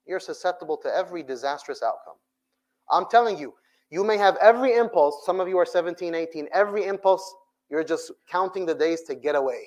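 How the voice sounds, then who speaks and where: A man preaching to young people, lively, with rhetorical questions and phrases mixed into English. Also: on the high side, fairly quick, rough recording. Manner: animated, rhetorical questions, mixes English with Arabic. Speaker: sheikh giving a talk to young people. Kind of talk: sermon.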